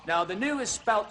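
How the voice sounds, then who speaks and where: A chatty, folksy zoo host. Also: male voice, high-pitched, sharp tone, a little hiss or hum, full character voice. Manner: chatty, folksy, addresses viewers directly.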